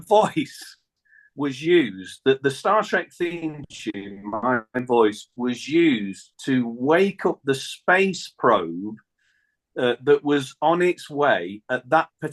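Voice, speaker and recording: A middle-aged man, a singer telling a lively anecdote in a radio interview and laughing often. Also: a little high, drawn-out words. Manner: chatty storyteller, laughs often, acts out phone calls. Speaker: guest singer. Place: radio studio.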